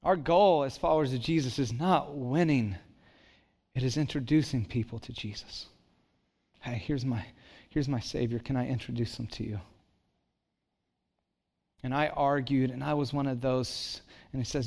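A middle-aged male pastor preaching a sermon, telling lively personal stories and acting out the voices of people in them. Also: sits high, normal speed. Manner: animated storyteller, acts out quoted voices.

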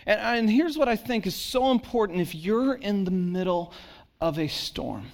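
A man preaching a sermon as a pastor, speaking conversationally with rhetorical questions, repeated words and restarts, and dropping low and soft for emphasis. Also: expressive, moderate pace.

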